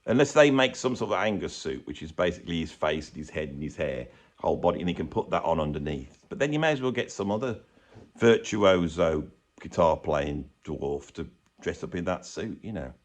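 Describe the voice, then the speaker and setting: A man's voice: sits low, animated, fairly quick. A man giving a rambling, sarcastic, comedic rant as a YouTube commentator. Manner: rambling, sarcastic, self-mocking.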